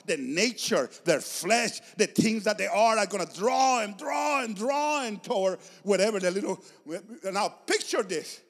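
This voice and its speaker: A high-voiced man preaches with fervor, his pitch leaping up and down as he presses each point. His voice rings out with a long reverb, as in a large hall. He keeps circling back to the same words for emphasis. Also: animated, measured pace, a bit bright. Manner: passionate, emphatic preaching with repeated phrases. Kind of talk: sermon.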